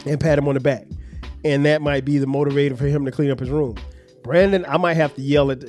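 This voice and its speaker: A middle-aged man hosts a podcast, reflecting earnestly as a father on raising his children. His medium-pitched, darkish voice is steady and a little fast, with faint music behind, and he restarts often while telling stories and acting out examples.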